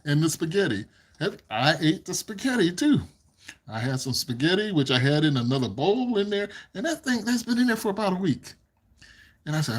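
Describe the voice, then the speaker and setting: Man, livestream host, husky, lively up-and-down delivery, giggly and rambling. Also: a little high, fairly quick. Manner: giggly, laughs often between sentences; rambling, repeats himself. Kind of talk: casual livestream chat with viewers. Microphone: desk microphone.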